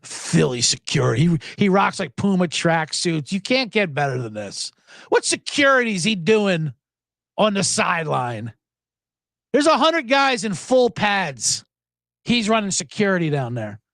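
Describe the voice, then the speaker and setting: A man's voice: high voice, very animated, unhurried, creaky, fairly bright tone, no echo. A man hosting a sports podcast, ranting with profanity, chuckling asides and plenty of energy. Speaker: podcast host. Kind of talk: profane sports commentary rant.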